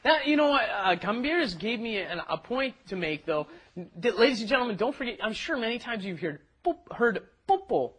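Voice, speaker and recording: Man co-host, playful, lively pitch, a bit husky, teaching pronunciation. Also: a little fast. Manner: playful, animated explainer. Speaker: co-host and language guide. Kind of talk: language lesson.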